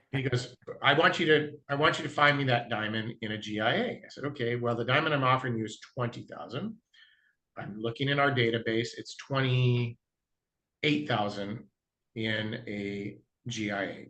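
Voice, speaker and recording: This guest, a man who deals diamonds, recounts stories in a relaxed interview, voicing every speaker in the conversations and sometimes clearing his throat. He talks at a moderate pace in a medium pitch that's a bit bright.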